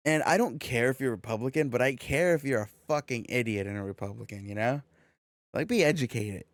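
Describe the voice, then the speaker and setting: A young man from California telling a rambling story on a podcast, full of swearing and quoted back-and-forth. His voice sits at an ordinary middle pitch. The sound is very dry and close, with no room around it. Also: brisk, no echo. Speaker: podcast co-host. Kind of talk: casual storytelling chat.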